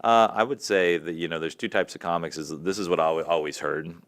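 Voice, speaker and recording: Extremely deep-voiced Southern comedian. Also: male voice, fast. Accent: light Southern US. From American South. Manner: relaxed, candid storytelling. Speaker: comedian guest. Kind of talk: casual interview chat.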